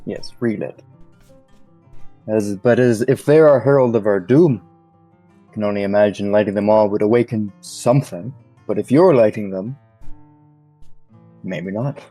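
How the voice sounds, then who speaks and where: A man running a tabletop game, his voice low and mellow, narrating in a calm, measured manner. The sound is dry and close, with faint music underneath. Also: no room sound, rough recording. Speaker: game master.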